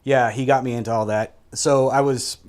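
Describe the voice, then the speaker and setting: A man guest telling a story in a casual, animated way, swearing freely and acting out quoted voices. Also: medium pitch, moderate pace, smooth. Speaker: guest, military veteran.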